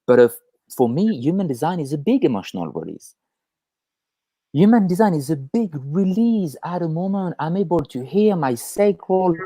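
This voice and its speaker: Guy co-hosting a chill call, animated, swears a lot, dark mellow voice. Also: on the high side, moderate pace, no room sound. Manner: animated, swears freely, acts out inner voices. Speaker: podcast co-host. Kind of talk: casual chat on a call. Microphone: video call.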